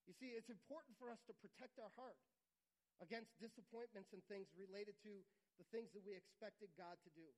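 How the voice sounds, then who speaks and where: A man preaching a sermon, earnest and repetitive, sometimes dropping to a quiet, intimate tone. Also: high voice, brisk, poor audio. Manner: earnest, repeats phrases for emphasis, drops to quiet intimate tones. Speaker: pastor.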